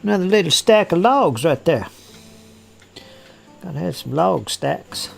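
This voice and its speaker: A man's voice: a little high, animated, a little slow, gravelly, slightly rough, faint music behind. A man hosting a casual hobby live stream, muttering to himself as he works on terrain and reading viewer comments aloud. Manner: chatty, muttering to himself while working, reading chat aloud. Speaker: hobby channel host.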